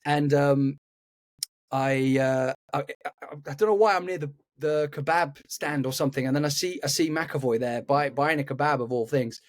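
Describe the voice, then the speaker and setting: Excitable man stammering through a story. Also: a little high, normal speed. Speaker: podcast co-host and actor. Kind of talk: casual chat, anecdote.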